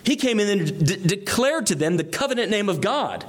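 Guy preaching a bible sermon, kinda high voice, swings up and down a lot as he explains each verse. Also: normal speed. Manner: reads scripture aloud and explains it verse by verse; animated, rising emphasis on key phrases. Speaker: pastor. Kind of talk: expository sermon.

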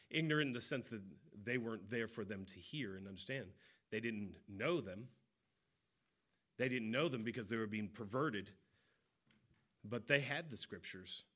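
A man with a somewhat low voice preaches a sermon, working through scripture verse by verse in a plain, conversational way. The recording sounds dull and lo-fi. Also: normal speed. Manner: conversational expository preaching, retelling parables in casual voices.

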